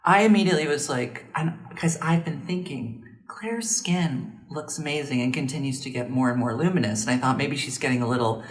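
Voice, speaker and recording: Woman late 30s, low voice, rambles through stories in casual chat. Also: brisk, few pauses. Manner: chatty, meandering storyteller. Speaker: co-host.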